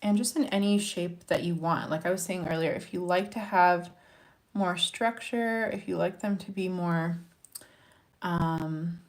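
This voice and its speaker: A woman's voice: fairly low pitch, fairly even intonation, unhurried. A young woman from Montana chatting to her viewers in a casual makeup tutorial, encouraging and talking while she works. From Montana, USA. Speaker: makeup vlogger.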